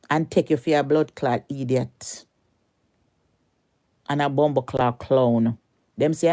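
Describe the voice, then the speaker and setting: A woman's voice: low-pitched, fairly even intonation, unhurried, pauses often, mellow. A Jamaican woman delivering a heated, cursing rant at a rival on social media, repeating her insults over and over.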